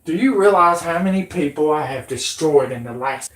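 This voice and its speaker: A woman's voice: sits low, lively intonation, normal speed. A woman hosting her own channel, delivering an aggressive, profane, threatening rant. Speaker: channel host. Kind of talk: angry rant. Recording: roomy echo.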